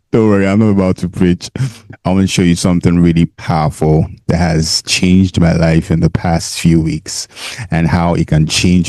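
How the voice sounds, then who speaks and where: Low, mellow Nigerian man pitching to camera. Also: dry recording. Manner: chatty, laughs often, repeats himself for emphasis. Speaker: host. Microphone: handheld mic.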